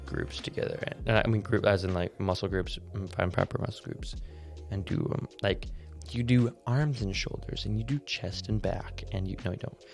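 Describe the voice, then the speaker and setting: A young man co-hosting a podcast, rambling and joking through animated stories in casual chat. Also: low voice, moderate pace, vocal fry. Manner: rambling, jokey, animated storytelling. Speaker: podcast co-host.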